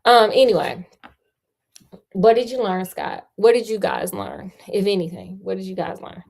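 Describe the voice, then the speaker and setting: A woman's voice: medium pitch, expressive, normal speed, creaky, darkish tone. A woman casually retelling a detective story in a chatty, slangy, playful way.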